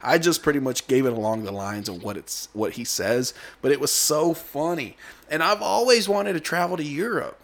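Man, fairly high-pitched, animated storyteller who laughs along, casual podcast chat. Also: normal speed. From Texas. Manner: animated storyteller, laughs at his own jokes.

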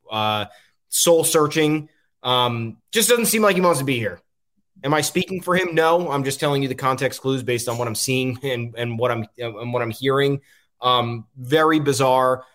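A male host works through his frustration in a loose, rambling sports commentary. His speech is full of ums and restarts. His voice sits at an ordinary middle pitch. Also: fairly bright tone. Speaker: podcast host.

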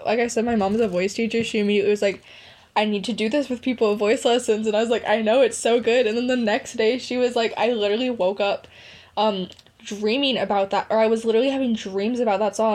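Gushing young woman reviewing songs. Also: on the high side. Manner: gushing, emotional, heavy use of "like". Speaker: podcast host. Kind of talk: casual music review chat.

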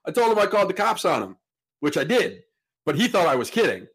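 A man's voice: sits high, quick pace, breathy edge. A man hosting a podcast, telling a story in a casual way and acting out the people in it. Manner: animated, acts out the people in his story. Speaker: podcast host.

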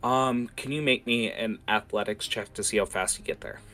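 A young man narrates a tabletop game as its game master in a deep, low voice with a bright, forward edge. He rambles, fills gaps with "like" and "uh", and swears casually. Faint music plays behind him. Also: moderate pace.

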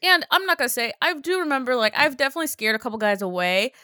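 A woman's voice: sits high, sing-song, rapid-fire, pushed and bright, clear, resonant tone, dry recording, clean studio sound. A young woman co-hosting a podcast, telling blunt, profane stories in casual chat and acting out the dialogue. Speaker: podcast co-host.

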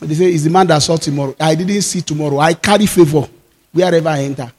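A Nigerian man preaching a sermon as pastor, with fervent declarations that rise into shouts. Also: fairly high pitch, quick pace, long reverb tail.

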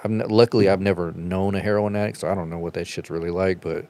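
A man chatting casually on a podcast, telling a rambling, profane story and getting animated as he retells it. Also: low voice, fast, no room sound.

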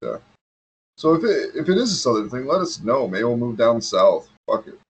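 A man's voice: medium pitch, sing-song, slight background noise. A man co-hosting a podcast in casual chat, loose and joking, swearing freely. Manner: loose, swearing, quick to laugh. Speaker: podcast co-host.

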